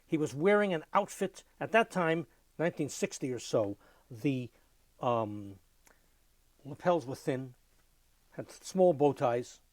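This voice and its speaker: An older man giving an oral history interview, telling lively anecdotes and mimicking music with his voice. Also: fairly high pitch, slow, pauses often, no room sound.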